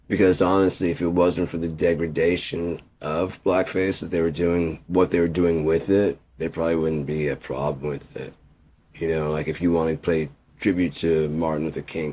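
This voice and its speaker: A man's voice: low-pitched, a little mellow. A man rambling through a casual rant, profane and jokey, drifting from point to point. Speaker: video creator.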